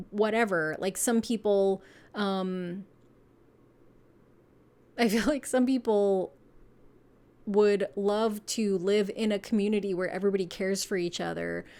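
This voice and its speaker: A woman's voice: mid-range voice, darkish tone. A woman giving a casual pick-a-card tarot reading, chatty and meandering, with lots of fillers, frequent laughter and casual swearing. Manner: laughs often while talking.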